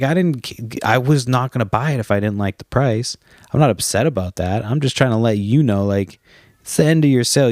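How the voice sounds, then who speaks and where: A man hosting a podcast, speaking. His voice sits low and sounds dry and close, with no room sound. He rambles, swears freely, and acts out both sides of each exchange. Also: dry recording. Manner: profane, animated storytelling with quoted back-and-forth. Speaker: podcast host. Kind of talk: casual rambling monologue.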